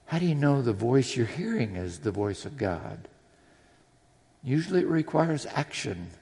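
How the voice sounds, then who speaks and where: Very animated, a mid-range, mellow-voiced man delivers a sermon at a slightly slow pace. It's earnest and personal, includes readings from scripture, and is recorded in a church sanctuary with long hall reverb.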